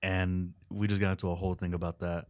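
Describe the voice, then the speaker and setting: A man with a deep, low voice co-hosts a podcast. He talks in a loose, joking way and tells little anecdotes. The sound is dry, close and free of echo. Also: little pitch movement, fast, a little mellow. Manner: joking, chatty, quotes others in anecdotes. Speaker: podcast co-host. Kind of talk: casual chat interview.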